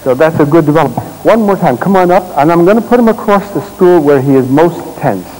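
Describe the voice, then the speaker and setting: A man leading a live therapy demonstration on a stage, giving gentle, directive instructions in short commands and explaining to the audience as he works. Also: fairly high pitch, expressive, fast, faint music behind, low-quality recording. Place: stage at a congress.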